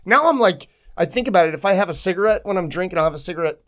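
Profane nasal-voiced podcast host. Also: male voice, high voice, racing. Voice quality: nasal, whiny voice. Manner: profane, animated storytelling. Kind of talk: casual chat.

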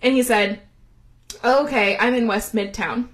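A woman co-hosting a podcast in casual chat, telling a story with lively asides and frequent laughter. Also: fairly high pitch, measured pace. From US South. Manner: animated storytelling, laughs often. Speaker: podcast co-host.

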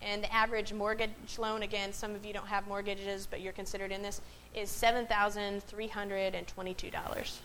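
A woman's voice: medium pitch, level tone, a little fast, few pauses, a bit bright, a little hiss or hum, low-quality recording. A woman pastor gives a conversational sermon to a congregation in a worship space. She often asks the room questions and checks in with "right?" between points.

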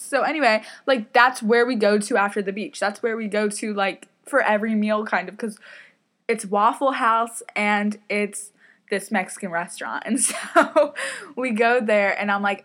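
A young woman talks into a podcast mic on a stand, rambling through a personal story. She fills her sentences with "like" and "um" and pokes fun at herself as she goes. Her voice sits at an ordinary middle pitch. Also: moderate pace, a bit bright. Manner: rambling, chatty, lots of "like" and "um", self-deprecating. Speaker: podcast host. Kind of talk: casual solo podcast storytelling.

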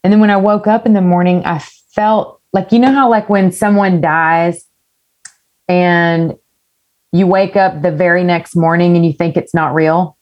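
A woman with a slightly low voice, chatting as a singer-songwriter guest. She tells her story in a candid, rambling way and swears without a second thought. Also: fairly even intonation, unhurried, highs cut off. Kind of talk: casual interview chat.

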